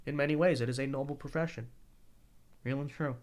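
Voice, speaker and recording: A young man hosting a casual livestream, reading viewer donations aloud in an animated, joking way with frequent restarts. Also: medium pitch, a little fast. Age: young adult. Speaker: show host.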